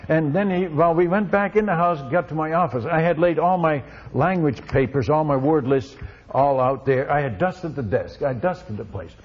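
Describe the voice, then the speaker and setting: A male missionary telling a testimony story in an animated way, with many restarts, on a dull recording. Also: on the high side, normal speed, breathy edge. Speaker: missionary speaker.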